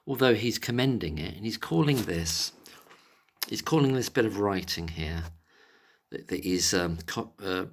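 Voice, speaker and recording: A man's voice: lowish voice, fairly bright tone. A man ranting angrily in a monologue, exasperated and sarcastic, with plenty of swearing. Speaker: vlogger.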